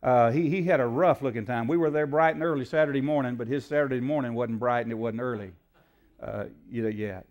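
A preacher man tells a story from the pulpit in an easy, folksy drawl. He slips into the voices of the people in his tale and fills pauses with "uh". His voice sits at a middle pitch. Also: darkish tone. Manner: folksy storyteller, acts out dialogue, frequent fillers. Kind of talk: sermon storytelling.

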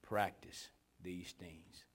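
A man preaching a sermon with dramatic storytelling, moving from hushed whispers to shouting. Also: sits low, steady tone, extremely slow, slightly rough.

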